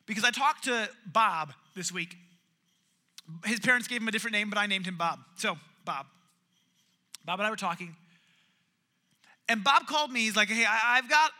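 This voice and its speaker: A young man preaching a sermon, telling a parable with lively storytelling and acting out the voices of its characters. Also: high-pitched. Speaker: pastor.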